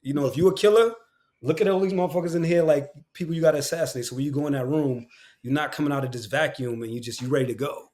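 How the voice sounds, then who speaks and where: A man, a guest who works as an actor and audiobook narrator, talking in a casual, animated podcast chat with slangy, repeated phrases. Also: a little high, very fast. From Queens, New York.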